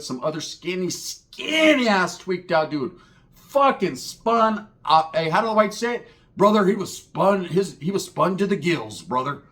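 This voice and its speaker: Dude from norcal telling a wild story, cussing, super lively voice going up and down. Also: male voice, fairly high pitch. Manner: animated, profane, slangy, acts out voices in the story. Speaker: comedic storyteller. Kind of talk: comedic street storytelling monologue.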